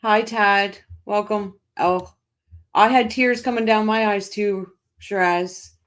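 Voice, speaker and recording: A woman's voice: mid-range voice, fairly even intonation, slow. A chatty middle-aged woman hosts a casual livestream. She reads out viewer comments and talks them over, often stopping and restarting her sentences. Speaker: livestream host.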